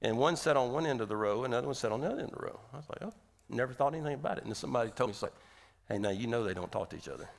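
Gravelly man preaching a lively sermon. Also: medium pitch, rapid-fire, hardly any pauses. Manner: conversational, animated preaching with rhetorical questions. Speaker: pastor.

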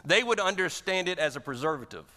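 Bright-voiced pastor preaching in a reverberant hall. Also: male voice, high-pitched, lively intonation, fast talker. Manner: emphatic, rising to strong emphasis on repeated phrases. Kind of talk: sermon. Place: church sanctuary.

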